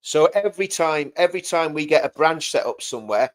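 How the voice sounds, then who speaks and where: A man's voice: on the high side, lively intonation, a little fast. A man co-hosting a casual livestream chat, talkative and repetitive, often breaking into laughter. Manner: chatty, repeats himself, laughs often. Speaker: livestream co-host.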